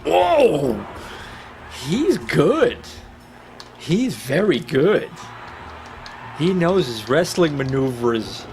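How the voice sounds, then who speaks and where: Excitable, swearing male streamer. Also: a little high, slow, long pauses, faint music behind. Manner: excitable, swearing, trash-talking the game. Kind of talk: profane live gameplay commentary.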